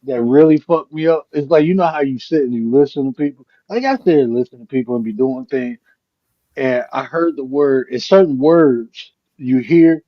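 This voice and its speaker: Man, husky and dry, relaxed profane storyteller for casual stream chat. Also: mid-range voice, moderate pace, no room sound, lo-fi sound. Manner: laid-back, profane, laughs through stories.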